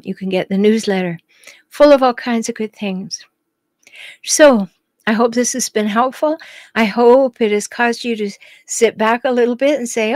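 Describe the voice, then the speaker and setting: A woman hosting a live stream, reading viewers' comments and answering them in a gentle, reassuring way. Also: fairly high pitch, unhurried, no room sound.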